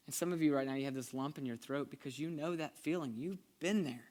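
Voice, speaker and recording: Un homme pasteur au ton sérieux et familier. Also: male voice, fairly high pitch, fast, few pauses. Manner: conversational, earnest, varies between energetic and hushed. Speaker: pastor. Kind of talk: sermon.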